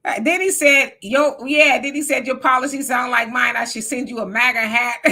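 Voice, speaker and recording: Bright-voiced woman co-hosting a livestream. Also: sits high, a little slow. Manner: reads viewer comments aloud, chatty and teasing. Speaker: livestream co-host. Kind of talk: casual live-chat commentary.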